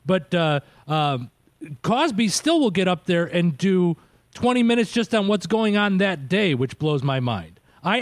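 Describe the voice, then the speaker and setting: A man's voice: a little high, dry recording. A man hosting a radio interview in a casual, chatty way. He laughs often and restarts his sentences. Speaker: radio show host.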